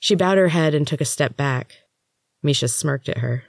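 A woman, the author and host, narrating her book in the first person with steady, measured storytelling. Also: low-pitched, no echo, clean studio sound.

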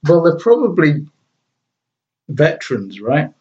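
A man co-hosting a podcast in casual chat, agreeable and quick to chuckle, giving short replies. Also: on the high side, big pitch swings, warm tone, muffled recording.

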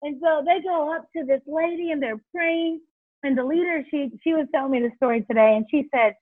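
Brief: high-pitched woman, animated storyteller, dry phone-like sound. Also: a little fast, no echo. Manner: animated storyteller, acts out quotes. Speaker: guest, children's ministry leader. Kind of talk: storytelling in a faith interview. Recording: tinny phone-like line.

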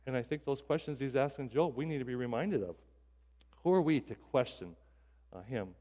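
A man preaching in an easy, conversational tone, his speech full of restarts and asides. His voice sits at an ordinary middle pitch and rings out with a long hall reverb, as in a church sanctuary. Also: lively intonation, moderate pace, warm tone. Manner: conversational, self-deprecating, with repeated restarts. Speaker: pastor. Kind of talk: sermon.

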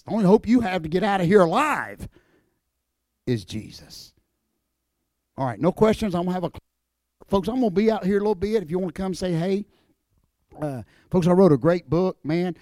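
An older man, a former wrestler speaking in a church, emphatic and folksy, dropping to a hushed voice in prayer. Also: high voice, expressive, moderate pace, pauses often, no room sound, clean studio sound. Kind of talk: evangelistic church talk.

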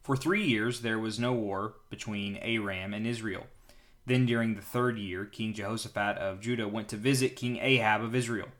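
A young man hosting a daily Bible-reading podcast, reading the passage aloud with lively voices for the characters and joking asides. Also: fairly low pitch, normal speed. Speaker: podcast host reading scripture.

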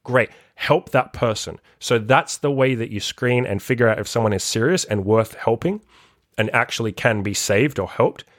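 A man's voice: mid-range voice, normal speed, no echo, studio quality. A man who coaches people on self-improvement, talking in a blunt, profane, casual monologue full of "like" and acted-out quotes.

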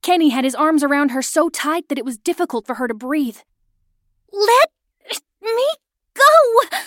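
A woman narrating a first-person audio story, expressive, acting out the shouted lines. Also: high-pitched, quick pace, no room sound, clean studio sound.

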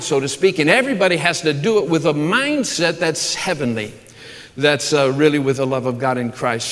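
A man preaching a sermon to a church congregation, enthusiastic and fond of restarting his phrases with "uh," and warmly addressing people in the room and those watching online. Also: fairly high pitch. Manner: enthusiastic, repeats words and restarts with frequent uh; warm asides to the congregation and online viewers. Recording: long hall reverb.

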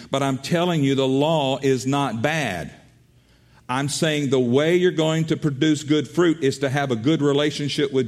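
A man's voice: mid-range voice, a little mellow. A man preaching a sermon as pastor, earnest, often repeating and restarting his words.

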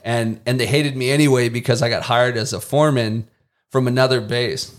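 Podcast guest, male, mid-pitched, laid-back storyteller who imitates the people in his stories. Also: fairly quick. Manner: lively anecdotes, mimics people he quotes, casual swearing. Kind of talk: casual storytelling.

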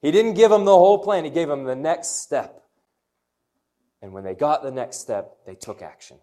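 A young man preaches an energetic sermon to young people with a slightly high voice. He tells personal stories and calls on the room to answer him. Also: moderate pace. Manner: energetic, storytelling, call-and-response. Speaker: youth pastor.

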